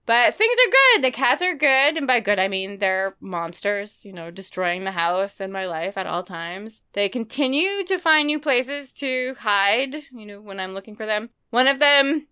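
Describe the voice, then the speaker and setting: A woman in her forties co-hosts a podcast in a casual, playful chat. Her voice is bright and clear and a little high, and her pitch jumps around freely as she talks. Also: moderate pace, hardly any pauses. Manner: animated, playful, slips into silly voices for stories. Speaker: podcast co-host. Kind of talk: casual chat about books and daily life.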